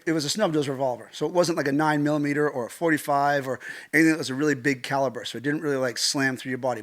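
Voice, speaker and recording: Animated American man telling a wild story. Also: on the high side. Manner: animated, acts out quotes, swears casually. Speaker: guest, stunt coordinator. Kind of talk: vivid storytelling.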